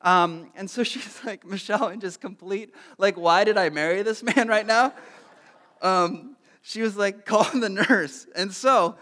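A man's voice: high-pitched, unhurried, sharp tone. A man in his thirties preaching a sermon, telling a self-deprecating personal story and then speaking earnestly and from the heart. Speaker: pastor. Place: church sanctuary. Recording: long hall reverb.

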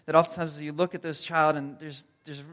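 A man preaching a sermon as pastor, earnest and gentle, with comic asides in other parts. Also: on the high side, level tone, fairly quick, long reverb tail. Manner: comedic storytelling with acted-out quotes.

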